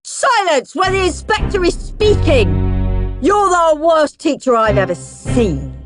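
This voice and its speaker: A woman's voice: high-pitched, sing-song, slow pace, over music, pitched above the performer's own voice, exaggerated voice. A cheeky, defiant young boy.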